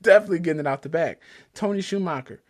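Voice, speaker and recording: A man's voice: fairly high pitch, racing. A man co-hosting a podcast in a casual chat, talking with eager enthusiasm and frequent restarts. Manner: excitable, enthusiastic, stumbling restarts. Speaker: podcast co-host. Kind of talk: casual chat about drag racing.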